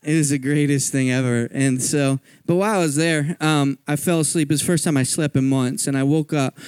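A man's voice: a little high, fairly even intonation, fairly quick, darkish tone, clean tone, no echo. A man from Philadelphia giving a personal testimony as a guest speaker at a church, talking in a conversational storytelling way with frequent asides. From Philadelphia, USA.

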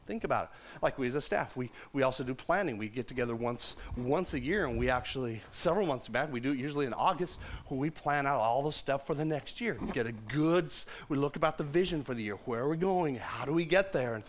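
A pastor in his fifties preaching a sermon in a conversational, joking way, dropping to a hush and rising to loud bursts. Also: mid-range voice, animated, quick pace, slight background noise. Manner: conversational and jokey, shifting from hushed to loud.

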